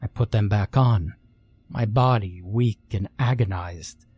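A man narrating a first-person horror story in a measured, scripted way. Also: on the low side, darkish tone, breathy edge, dry recording, faint music behind.

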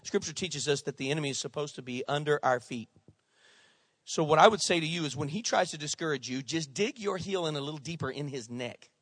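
A man's voice: on the high side, a little fast, a bit bright, breathy edge, no room sound, studio quality. A male pastor preaching a sermon with passion and conversational humor.

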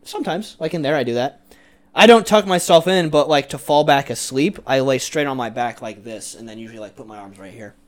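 A young man in casual chat, animated and quick to jump in with quotes and asides while recalling old times. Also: mid-range voice.

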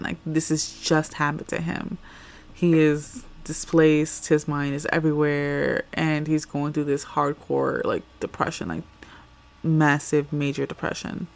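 A woman podcast host casually retelling a comic's story in a chatty, slangy, profane way, full of "like". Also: deep voice. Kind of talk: casual plot recap.

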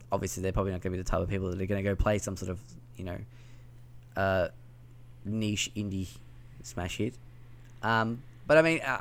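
A man's voice: lowish voice, gravelly, fairly bright tone. A man with a slight lisp hosting a casual gaming news podcast, talking in a loose, rambling way with plenty of ums and likes. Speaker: podcast host.

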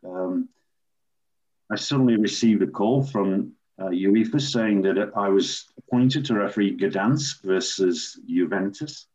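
An older man from England, a former referee, telling animated anecdotes as an interview guest. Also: fairly low pitch, unhurried. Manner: animated raconteur, acts out quoted voices. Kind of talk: anecdotal storytelling. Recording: dull lo-fi recording.

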